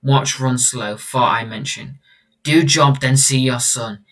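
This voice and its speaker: A man's voice: medium pitch, steady tone, takes it slowly, a bit bright, distant mic. A man reading out a terse masked male vigilante who talks in clipped, broken sentences with dropped words. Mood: curt.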